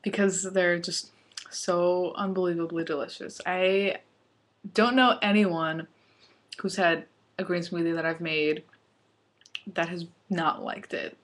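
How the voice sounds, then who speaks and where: A young woman with a somewhat low voice talks through a smoothie recipe in a relaxed home vlog. She chats loosely, laughs often and sometimes eats while speaking. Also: takes it slowly. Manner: chatty, laughs often, talks with mouth full. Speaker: vlogger.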